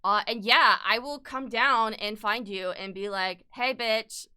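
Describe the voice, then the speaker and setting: A young adult woman chatting casually on an art livestream, excitable and gushing, swearing freely and laughing often. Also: mid-range voice, unhurried, clear, resonant tone. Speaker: artist livestreamer. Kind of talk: casual chat while drawing.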